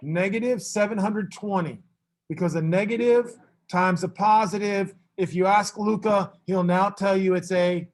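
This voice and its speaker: A man teaching a math class, brisk and teasing, fussing at students and then reassuring them. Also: sits high, steady tone.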